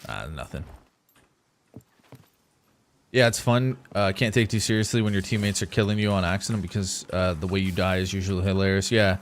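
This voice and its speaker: A man's voice: sits low, a little fast, pauses often, a little hiss or hum. A young man streaming a survival game live, chatting casually with viewers as he plays. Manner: casual, rambling, talks to chat while playing. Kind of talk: live gameplay commentary.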